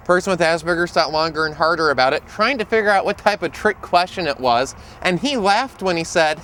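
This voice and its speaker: Male autism educator, fairly high voice, playful storyteller, faint background noise outside. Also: normal speed, hardly any pauses. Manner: humorous, lively storyteller. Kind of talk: storytelling presentation to camera.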